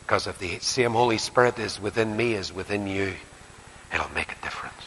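An older man with a Northern Irish accent preaching a sermon, his low voice ringing through a long hall reverb. He is earnest, pushing some lines hard and dropping others to a hushed near-whisper. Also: brisk, slight background noise. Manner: earnest, swings from emphatic to hushed, drops to whispers. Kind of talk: sermon and closing prayer.

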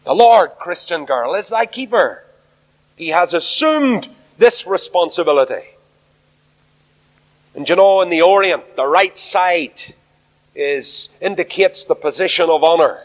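Irish male preacher, fairly high voice, emphatic sermon delivery, long hall reverb. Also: expressive, unhurried. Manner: emphatic, addresses the congregation directly. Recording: dull recording in a reverberant hall.

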